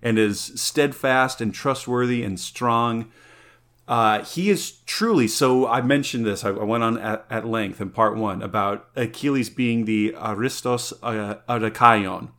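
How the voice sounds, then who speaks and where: A man's voice: mid-range voice, unhurried, a bit bright. A man co-hosting a podcast who talks earnestly and enthusiastically, often restarting his sentences. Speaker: podcast co-host. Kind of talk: casual chat.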